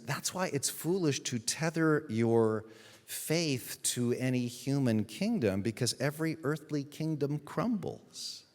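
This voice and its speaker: A man, the pastor, giving a sermon in an emphatic storytelling manner with dramatic pauses. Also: medium pitch, big-room sound. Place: church sanctuary.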